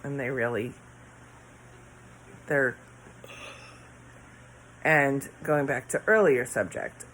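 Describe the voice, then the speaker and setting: A woman's voice: extremely low pitch, slow, pauses often, a bit bright, a little hiss or hum, poor audio. A tired middle-aged woman rambling late at night in her bedroom, yawning and sighing as she trails off mid-thought. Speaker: vlogger. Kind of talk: casual late-night chat to camera.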